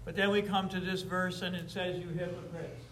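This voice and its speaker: A man preaching from the pulpit in a high voice, leaning hard on key words and stretching them out slowly. Between the heavy emphases he turns casual and chatty with the congregation. The sound carries the echo of a large church room, with faint ambience behind. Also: little pitch movement, fairly bright tone, a little hiss or hum. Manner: emphatic preaching, drawn-out stressed phrases, casual asides to the congregation. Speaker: pastor. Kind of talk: sermon. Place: church sanctuary before a congregation. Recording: roomy echoey church sound.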